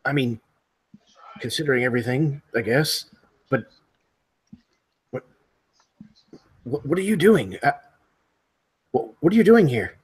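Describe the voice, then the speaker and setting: A man's voice: mid-range voice, expressive, a little slow, pauses often, husky. A man voicing a nervous male survivor who stammers anxiously.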